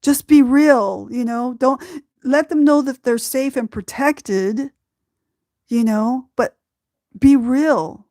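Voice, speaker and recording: A woman from Southern California hosting a podcast, telling a personal story slowly and from the heart, often breaking into laughter. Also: high voice, a little mellow, no room sound, studio quality. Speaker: podcast host.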